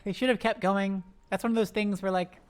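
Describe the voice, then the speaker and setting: Excitable rapid-fire esports caster. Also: medium pitch. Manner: excitable, rapid-fire, bursts into loud exclamations; talks to the players on screen, self-deprecating asides. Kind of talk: live esports play-by-play commentary.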